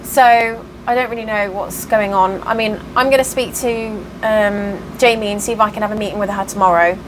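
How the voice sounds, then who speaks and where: A woman's voice: mid-range voice, fairly even intonation, normal speed, background noise. A tired woman chatting casually in a vlog update, venting her frustration and getting worked up. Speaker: cross stitch vlogger.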